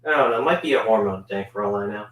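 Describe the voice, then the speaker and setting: A man's voice: fairly low pitch, rapid-fire, fairly bright tone. A man co-hosting a live stream, making dry wisecracking asides and reading small print aloud. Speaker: co-host and helper. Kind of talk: casual live stream chat. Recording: roomy sound, distant from the mic.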